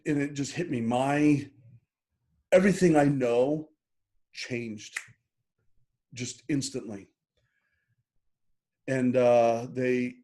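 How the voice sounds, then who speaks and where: A man's voice: mid-range voice, darkish tone. A middle-aged man speaks as an interview guest in an easy, conversational way. He is earnest and open with his feelings, and he often doubles back and repeats words. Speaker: guest, happiness coach. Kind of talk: casual interview talk.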